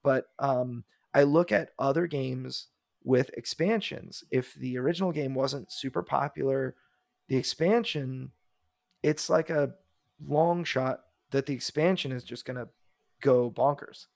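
A man's voice: mid-range voice, measured pace, vocal fry, a little mellow, dry recording, studio quality. A man co-hosting a podcast in casual chat, wry and blunt, firing off rhetorical questions. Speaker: podcast co-host.

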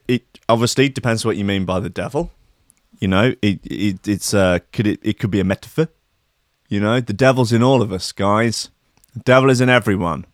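A young man riffs through odd news stories as a comedy host. He rambles, swears freely and keeps an irreverent tone. His voice sits at an ordinary pitch, and the recording is close and dry with no room sound. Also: no room sound.

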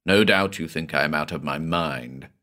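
A man's voice: a bass voice, moderate pace, sharp tone, voice pushed down. A man voicing a guilt-ridden middle-aged doctor, speaking in an agitated, intense, confessional way. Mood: tense.

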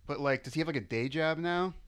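A man's voice: fairly high pitch, fairly bright tone, clear, resonant tone. Playful, teasing man in his thirties. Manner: playful, teasing, quick jokes. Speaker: podcast co-host and interviewer. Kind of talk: casual chat.

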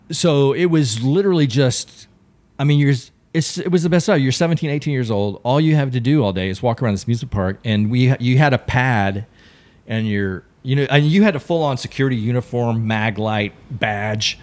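A man's voice: medium pitch, moderate pace. A middle-aged Texan man, a podcast guest, telling stories casually and acting out quotes. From Texas. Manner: animated storyteller, acts out quotes. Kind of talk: casual storytelling.

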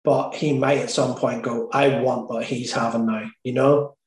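Give me an Irish guy talking frankly in a casual chat, with a middle-pitched voice and an echoey room. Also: steady tone, moderate pace, a little mellow. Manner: candid, laughing, sweary. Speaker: guest. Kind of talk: casual storytelling. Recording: roomy echo.

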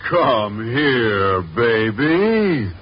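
A man's voice: medium pitch, very animated, very slow, slightly rough, exaggerated voice. An actor playing a shy, earnest male biology teacher in a 1950s radio sitcom, bashful and a bit stammering. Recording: dull old radio recording with hiss.

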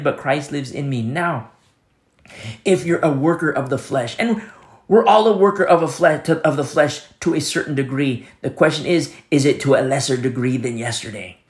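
A man preaching a sermon as pastor, earnest and repetitive, often dropping to a soft hush. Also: on the high side, roomy sound.

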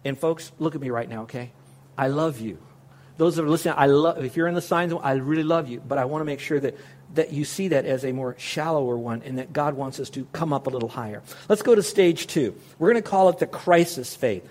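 A man's voice: fairly high pitch, fairly quick, darkish tone. A man preaching a sermon as pastor, earnest and direct, asking the listeners questions. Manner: earnest, speaks straight to listeners with rhetorical questions.

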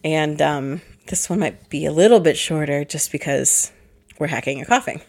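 A woman co-hosting a board game podcast in casual chat, hoarse from allergies, chatty with many fillers and laughs. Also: deep voice, normal speed, a little mellow. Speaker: podcast co-host.

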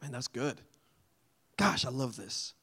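A man leading a group Bible study in a casual, animated way, often asking the group questions. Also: mid-range voice, slow pace, husky.

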